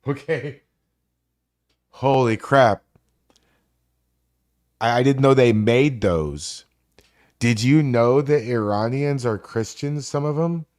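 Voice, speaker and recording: A man's voice: mid-range voice, takes it slowly, long pauses. A man in his forties hosting a live stream, rambling and swearing through casual stories. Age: 40s. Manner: rambling, profane, animated storytelling.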